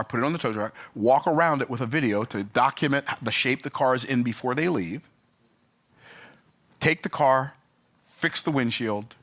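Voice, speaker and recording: Man for a vlog rant: emphatic, sarcastic, bright forceful tone. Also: medium pitch. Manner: exasperated, emphatic, sarcastic asides. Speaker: business vlogger. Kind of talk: animated storytelling rant.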